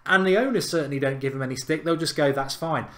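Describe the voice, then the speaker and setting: Guy hosting his fan channel, fired-up football rant, a bit high-voiced, keeps hammering the same point. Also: racing. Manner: emphatic, indignant, repeats points for effect.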